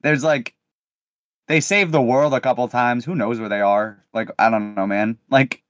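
A man's voice: medium pitch, normal speed, fairly bright tone, no echo, studio quality. A man co-hosting a podcast, talking casually in a loose, rambling way full of fillers. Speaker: podcast co-host.

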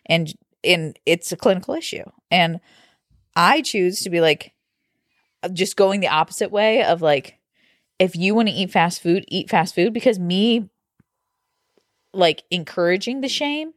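Frank young woman with a lower voice. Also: expressive, measured pace, long pauses, no echo, studio quality. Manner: earnest, frank, explains her view, rising pitch on points. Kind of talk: casual chat.

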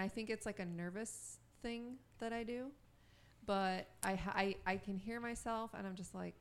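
A woman in her thirties chatting casually on a podcast, with a creaky, gravelly vocal fry that trails off her phrases. She talks in quick, giggly bursts and laughs easily. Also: medium pitch, steady tone. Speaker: podcast co-host. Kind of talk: casual chat.

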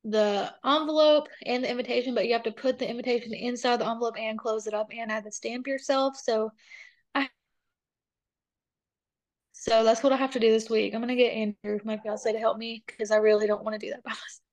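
Young woman, somewhat high voice, casual chat, lively storytelling, many fillers. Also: fairly quick. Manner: chatty, animated storytelling with lots of fillers. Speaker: interview guest.

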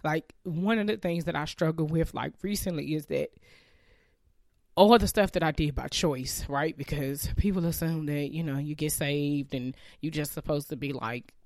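A woman's voice: low-pitched, normal speed, darkish tone, no room sound, studio quality. A woman in her thirties sharing a heartfelt, reflective personal faith testimony about leaving her job.

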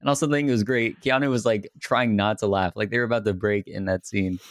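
Easygoing laughing man, low voice. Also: steady tone, fast talker, no room sound, clean studio sound. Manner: laughs often, easygoing, trails off quietly. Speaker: podcast co-host. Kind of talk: casual movie review chat.

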